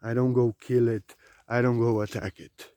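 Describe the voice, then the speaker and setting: A man giving an unscripted spiritual talk, repeating his points, pressing them loudly and then dropping to quiet musing. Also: medium pitch, little pitch movement, moderate pace, no room sound. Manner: emphatic and repetitive, swinging between loud urging and quiet musing. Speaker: spiritual teacher.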